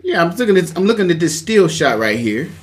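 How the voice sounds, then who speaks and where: A man's voice: high-pitched, very animated, brisk, a crowd in the background. A man co-hosting a sports talk show, reacting casually and laid back.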